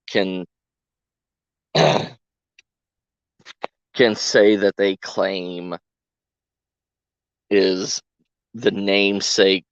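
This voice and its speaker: A man's voice: fairly low pitch, dry recording. Guy streaming a game, goofy giggly banter with chat, kinda muffled dry mic. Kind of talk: casual chat to stream viewers.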